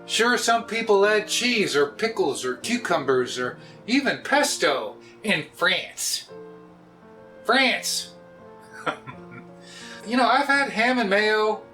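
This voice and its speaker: A man, hosting a casual cooking vlog in a joking, often loud way. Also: sits high, sing-song, slow, pauses often, faint music behind. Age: 60s. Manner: jokey, often laughs and raises his voice. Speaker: cooking video host.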